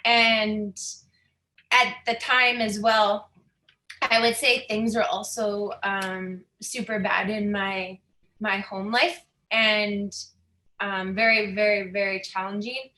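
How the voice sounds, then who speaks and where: Bright-voiced woman telling her story. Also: on the high side, roomy sound. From Saskatchewan, Canada. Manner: candid, chatty, laughs often, emotional at times. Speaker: guest speaker. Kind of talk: personal storytelling talk.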